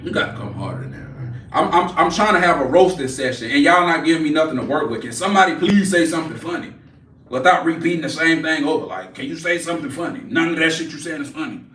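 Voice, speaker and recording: A man's voice: fairly high pitch, lively intonation, fast talker, fairly bright tone, far from the mic, a little hiss or hum. A man in his forties hosting a casual livestream, brash and profane as he mocks trolls in the chat. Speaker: livestream host. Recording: echoey room, off-mic.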